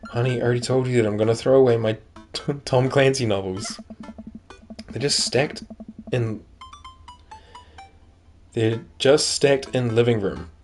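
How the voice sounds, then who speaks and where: A man's voice: medium pitch, steady tone, measured pace, long pauses, a little mellow, faint music behind, close to an everyday voice. A man reading a goofy, sentimental dad. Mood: fond. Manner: fond, jokey.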